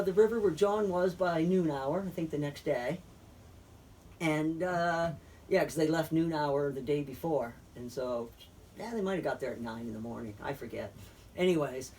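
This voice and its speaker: A man's voice: on the high side, a little mellow, slightly rough. A man casually retelling a story in a faith chat, rambling with fillers and swearing. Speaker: friend in a faith discussion. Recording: distant mic.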